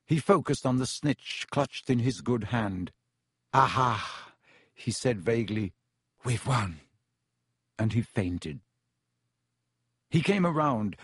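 A man's voice: mid-range voice, no room sound, studio quality. A man reading a storybook aloud as narrator, with a dramatic, varied delivery. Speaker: audiobook reader.

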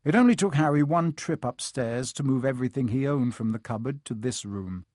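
A man narrates a storybook with measured, expressive pacing. His voice sits at a middle pitch. It is dry and close with no room sound. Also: dry recording. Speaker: audiobook narrator.

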